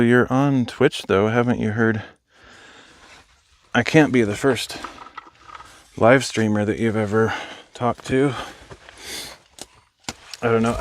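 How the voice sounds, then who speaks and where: A young adult man live streams from a hiking trail outdoors, rambling casually and thinking out loud as he responds to viewers' chat. His voice is mid-range with no echo, picked up on a phone.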